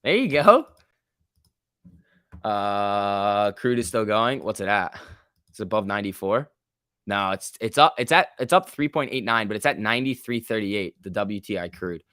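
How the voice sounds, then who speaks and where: A man hosting a live trading stream, giving loose running commentary, reading chat aloud and breaking into quick excited outbursts. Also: fairly low pitch, smooth, dry recording, clean studio sound. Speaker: livestream host.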